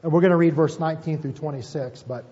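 Folksy pastor, muffled echoey hall. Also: male voice, a little high, quick pace, mellow. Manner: folksy, asks "right?" often, self-deprecating asides. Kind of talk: conversational sermon. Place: church sanctuary.

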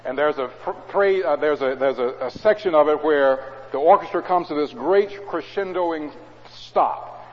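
A preacher giving a sermon in a church. He reads scripture loudly and drops to low, conversational asides. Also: moderate pace. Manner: swings between loud scripture reading and low conversational asides. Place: church hall. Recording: dull, echoey hall recording.

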